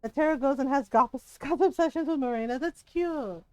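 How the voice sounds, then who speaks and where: Animated, gushing woman game streamer. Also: sits high, normal speed, no echo, highs cut off. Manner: animated, gushing, laughs often, swears casually. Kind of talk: casual chat while streaming a game.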